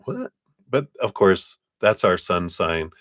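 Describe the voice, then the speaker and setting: Very deep-voiced, unhurried male tarot reader. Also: lively intonation, no echo, clean studio sound. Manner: chatty, laughs often, speaks in loose, trailing phrases. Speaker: tarot reader on a live stream. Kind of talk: casual live tarot reading.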